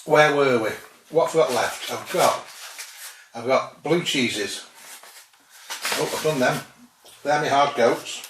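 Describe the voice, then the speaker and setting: A man's voice: medium pitch, slow pace, pauses often. A man with a dry sense of humour, chatting casually as he tastes and rates cheeses on his food vlog. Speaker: food vlogger tasting cheeses. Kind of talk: casual tasting commentary. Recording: roomy sound, distant from mic, faint noise.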